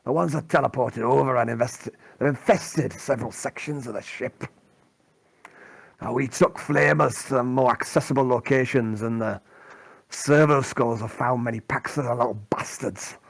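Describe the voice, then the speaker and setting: A man's voice: mid-range voice, creaky, pitched above the performer's own voice. A man voicing a grizzled male veteran interrogator in a put-on Scottish accent, blunt and crude.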